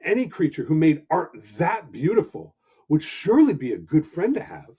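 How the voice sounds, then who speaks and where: A man reading a children's story aloud with animated, expressive narration. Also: on the high side, moderate pace, husky. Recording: dull lo-fi recording.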